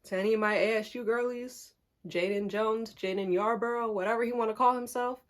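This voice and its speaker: A young woman telling a candid storytime vlog, animated and talking straight to her viewers, laughing often. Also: on the high side, brisk. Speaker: vlogger.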